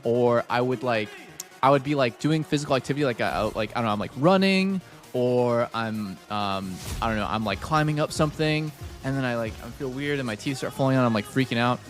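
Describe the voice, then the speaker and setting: Soft music underlies this game streamer's casual chat with viewers. His medium-pitched voice runs a little fast as he rambles, swears, and keeps saying "like."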